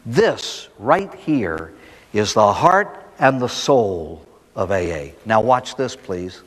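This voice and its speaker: Folksy priest in an echoey hall. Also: male voice, on the low side, sing-song, slow, a bit bright. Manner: folksy storytelling with rhetorical questions. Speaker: priest giving a recovery talk. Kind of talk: recovery talk to a live audience.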